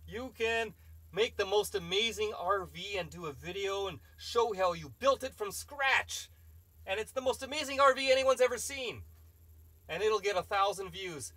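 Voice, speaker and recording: A man's voice: high voice, bright, forceful tone, dry recording. A man hosting a live stream, reading chat questions and rambling through opinionated casual answers.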